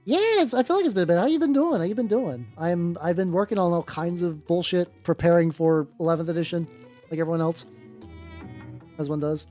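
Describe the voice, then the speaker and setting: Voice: medium pitch, brisk, warm tone, soft background music. A miniature-painting streamer chatting casually with viewers while working, rambling with many restarts, swearing offhandedly and greeting chat by name.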